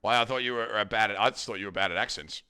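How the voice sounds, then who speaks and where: A man's voice: fairly low pitch, racing, bright, forceful tone, clean tone. An Australian man streaming while cooking at home, bantering loosely with his chat and swearing casually. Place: home kitchen.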